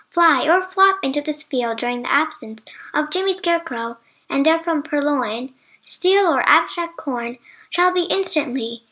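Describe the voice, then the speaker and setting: A woman's voice: sits high, pushed and bright. A woman voicing Santa Claus, a jolly and kindly old man, in a storybook reading with hearty, commanding exclamations. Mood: proclaiming.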